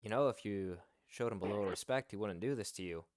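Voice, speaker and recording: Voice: low-pitched, fast, noisy background. A player in a tabletop game who talks in a protective, hot-tempered way.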